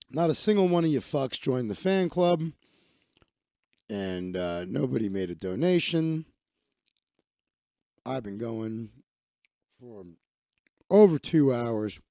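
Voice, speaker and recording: A man rambles through the end of his live stream in a crude, joking way. His pitch swings widely while his tone stays dark and mellow. The sound is dry, with no room echo. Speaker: livestream host. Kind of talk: casual live-stream chat.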